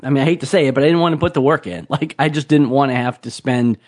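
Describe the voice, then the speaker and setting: A man co-hosting a casual podcast, relaxed and a bit hesitant as he explains things. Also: medium pitch, fast talker. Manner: relaxed, hesitant, lots of ums and restarts. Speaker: podcast co-host. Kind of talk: casual chat.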